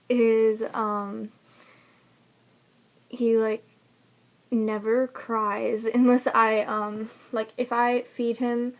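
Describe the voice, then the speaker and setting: A young woman casually telling the story of giving birth, chatty and laughing often between fillers. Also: fairly high pitch. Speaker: new mother telling her birth story. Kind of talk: casual personal vlog storytelling.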